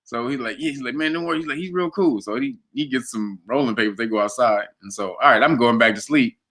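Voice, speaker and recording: A man in casual conversation, telling a long story with lots of laughter and animated quoted voices. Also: fast. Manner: animated, laughs often, jumps to high pitch for quoted voices. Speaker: guest.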